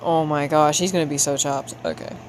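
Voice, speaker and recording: A woman's voice: sits low, fairly even intonation, fairly quick, slight background noise. A young woman chatting casually with her viewers while she draws on a livestream, playful and slangy, making a show of being frustrated. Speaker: livestreamer drawing for chat.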